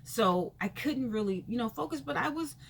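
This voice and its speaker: A woman vlogger telling a personal story in a casual, rambling way, full of fillers, her pitch leaping when she acts out reactions. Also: moderate pace, vocal fry, a little hiss or hum. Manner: chatty and rambling, full of "you know" fillers; animated, jumps high in pitch when acting out reactions.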